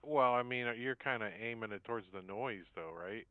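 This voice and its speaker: A man narrating and running a tabletop game as dungeon master, animated and quick with asides. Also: mid-range voice, clean tone, no echo, phone-quality sound.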